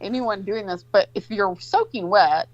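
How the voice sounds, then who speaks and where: A woman's voice: medium pitch, normal speed, highs cut off, a little hiss or hum. Profane rambling storyteller woman. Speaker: co-host telling a story. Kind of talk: casual chat.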